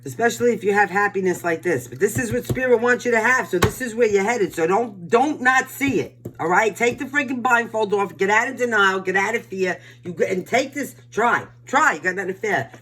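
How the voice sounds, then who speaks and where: A woman's voice: mid-range voice, a little fast, few pauses, fairly bright tone. An older woman with a New York accent leads a casual tarot reading for her viewers. She talks bluntly and emphatically, pushing her listeners along like a pep talk. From Brooklyn, New York. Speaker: tarot reader.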